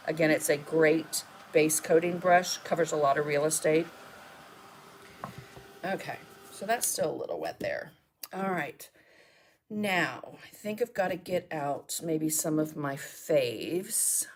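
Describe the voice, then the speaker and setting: Speaking slowly in a low voice, a woman hosts a live mixed media art demo. As she works she chats, thinks aloud, and responds to viewer comments, with a little hiss or hum on the recording.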